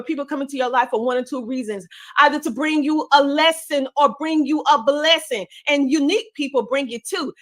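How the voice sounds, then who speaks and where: A woman with a Southern country twang delivers a motivational speech to her audience. Her voice sits high. She talks with repetitive, preacher-like emphasis. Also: fairly bright tone. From Southern United States. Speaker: podcaster and coach.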